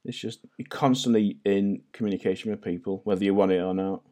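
A man's voice: fairly low pitch, fairly even intonation, quick pace, warm tone. A man in his forties from North Wales, with a North Welsh accent that has a Scouse-like twang, chatting over a video call as a podcast guest and telling self-deprecating stories. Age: 40s. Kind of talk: casual chat.

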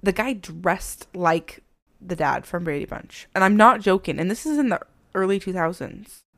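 Chatty woman with a lowish voice. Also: lively intonation, normal speed, fairly bright tone, no echo. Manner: chatty, goes off on tangents. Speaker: podcast co-host. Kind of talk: casual chat.

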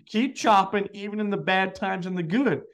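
A man's voice: high-pitched, moderate pace, a bit bright. A man hosting a podcast, talking earnestly and reflectively with his guest and often agreeing. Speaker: podcast host, financial advisor. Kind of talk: podcast interview chat.

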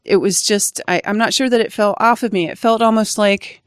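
A woman's voice: medium pitch, brisk, clean tone, no room sound, studio quality. A woman sharing her first recovery meeting on a podcast, speaking reflectively with frequent small restarts. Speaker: Al-Anon member sharing her story.

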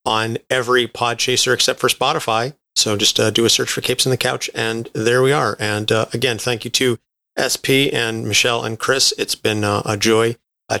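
Podcast guest guy, thoughtful and measured, dry close mic. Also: mid-range voice, vocal fry, sharp tone, dry recording. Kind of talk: casual podcast chat.

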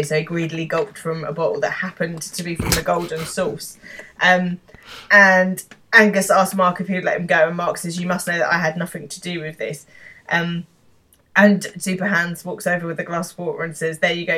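A woman's voice: lowish voice, little pitch movement, moderate pace, fairly bright tone. A woman co-hosting a podcast, casually recapping a TV episode, swearing and laughing often. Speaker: podcast co-host.

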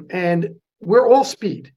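A man with a New Jersey accent, talking quickly and with energy as a guest in a casual interview. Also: sits high, breathy edge. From North New Jersey. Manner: fast-talking, animated. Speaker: guest, charity president.

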